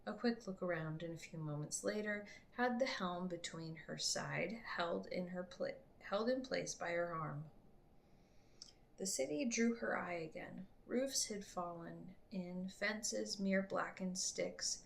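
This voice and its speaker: A woman reading her own book aloud to her family in an unhurried way, slipping into soft whispers. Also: on the low side, creaky, a little hiss or hum.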